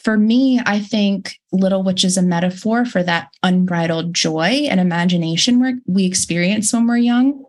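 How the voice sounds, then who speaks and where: A woman co-author in a casual interview, speaking reflectively with pauses and fillers. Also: medium pitch. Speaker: co-author of a children's book series.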